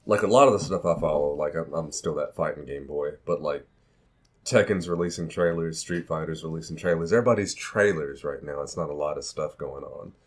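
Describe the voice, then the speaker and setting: A man with a very deep voice talking on a podcast. He speaks in a laid-back, unhurried way and drops short, dry one-liners. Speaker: podcast co-host. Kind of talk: casual chat.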